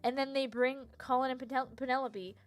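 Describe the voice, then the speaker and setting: A woman's voice: high-pitched, steady tone, brisk, faint music behind. A young woman streamer chatting casually and ranting animatedly about TV shows, laughing and tripping over her words. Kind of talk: casual chat, live stream rant.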